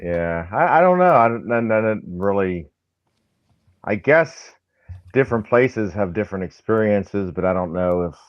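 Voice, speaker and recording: A man's voice: low-pitched, no room sound, muffled recording. A man who is a firefighter and paranormal investigator, chatting hesitantly as a podcast guest with lots of restarts. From American South. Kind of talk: casual podcast chat.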